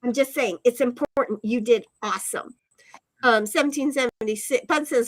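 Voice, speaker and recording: Woman stream host, playful and giggly, high voice, close and dry. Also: moderate pace, no echo, rough recording. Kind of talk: casual live-stream chat, reading viewer comments.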